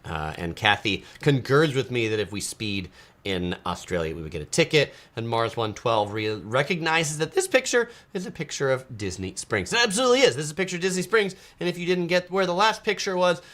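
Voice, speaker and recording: An American man hosts a casual live stream, reading viewer comments aloud, chatting, and often dropping into playful mock voices. His voice is mid-range and a bit bright.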